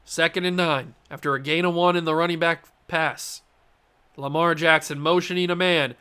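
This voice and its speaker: A young man runs a casual play-by-play of his own football video game. His voice sits high and bright, and it keeps tipping into excited outbursts and asides to himself between the calls. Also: normal speed, smooth. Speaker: gaming channel host.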